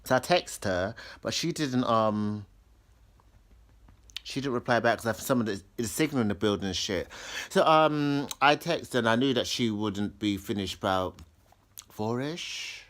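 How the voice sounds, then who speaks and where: A man's voice: mid-range voice, measured pace, fairly bright tone. A man telling a rambling story in casual chat, full of restarts and acted-out quotes. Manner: rambling, full of restarts, acts out others' lines in raised voices.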